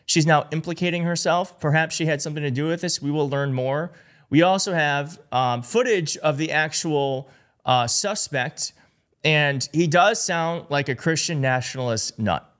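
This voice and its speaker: A man's voice: on the high side, moderate pace, a bit bright. A man giving online political commentary, indignant and emphatic, reading out reports and quotes.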